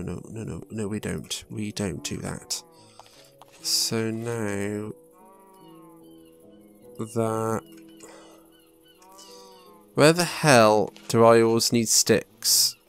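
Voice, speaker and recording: A man's voice: on the low side, slow pace, vocal fry, pauses often. A young man muttering to himself and swearing casually while commenting on his own gameplay. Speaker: gaming YouTuber. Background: faint game music.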